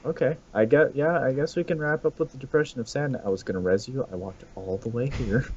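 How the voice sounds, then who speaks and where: A man co-hosting a casual gaming podcast, playful and quick to laugh. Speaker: podcast co-host. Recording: muffled low-fi audio.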